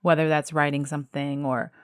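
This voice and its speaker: A woman hosts a candid podcast in a chatty, self-deprecating way. Her voice is low and the sound is dry and close, with no room around it. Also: little pitch movement, a little fast, clear, resonant tone, no echo. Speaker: podcast host.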